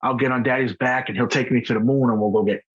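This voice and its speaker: A man speaking as a podcast guest in candid personal conversation, halting and earnest, often restarting his sentences. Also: medium pitch, fairly even intonation, husky. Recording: dull lo-fi podcast audio.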